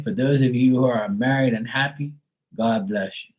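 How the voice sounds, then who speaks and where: A man's voice: medium pitch, expressive, moderate pace, darkish tone, rough recording. Blunt, profane man chatting on a live stream. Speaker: tarot reader hosting a live stream. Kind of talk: casual live-stream chat.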